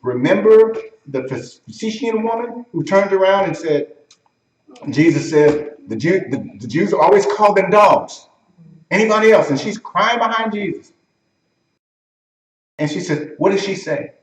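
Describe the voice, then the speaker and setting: A man's voice: high voice, animated, measured pace, distant mic, a little hiss or hum. A man preaching a teaching sermon in a church, talking conversationally, quizzing the congregation and acting out the quotes from scripture. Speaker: pastor. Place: church sanctuary. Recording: echoey room, voice from off-mic.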